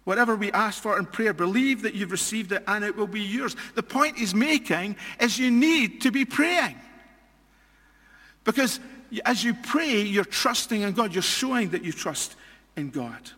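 Scottish preacher, bright voice, long hall echo. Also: male voice, high voice, lively intonation, moderate pace. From Scotland. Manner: earnest, repeats and restarts phrases, rises for emphasis. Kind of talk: sermon.

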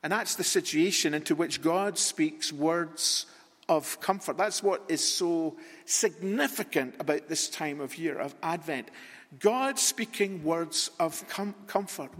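A man preaching a sermon in a church, deliberate and repetitive, with long rhetorical pauses. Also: fairly high pitch, fairly bright tone. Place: church sanctuary. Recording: long reverb in a large hall.

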